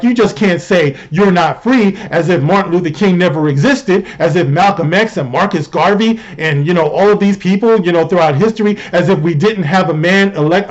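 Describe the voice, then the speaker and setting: A man with a fairly high-pitched voice delivers opinionated commentary as the host of his own show. He talks conversationally and rhetorically, checking in with the listener. The sound is dull and lo-fi. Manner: conversational, rhetorical, often asks "you know what I mean".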